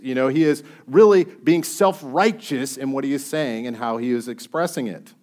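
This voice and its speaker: A man's voice: mid-range voice, normal speed, few pauses, a little mellow. A man preaching a sermon. He reads scripture aloud and puts questions to his listeners in a conversational way.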